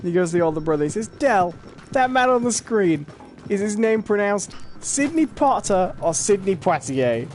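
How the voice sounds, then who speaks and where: A man co-hosting a casual pop-culture podcast, telling stories in a relaxed way with fillers. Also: high voice, moderate pace, slight background noise. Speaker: podcast co-host.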